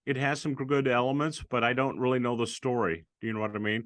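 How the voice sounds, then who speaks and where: A man's voice: mid-range voice, steady tone, fast, fairly bright tone, dry recording. Tentative guest man, dry sound. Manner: tentative, searching for words. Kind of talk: casual chat.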